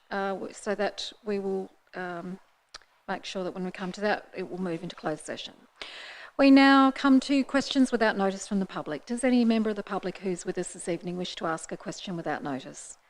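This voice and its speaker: A woman, the mayor, chairing a formal council meeting into a desk microphone in a council chamber, with brisk procedural talk and light asides. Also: mid-range voice, rough recording.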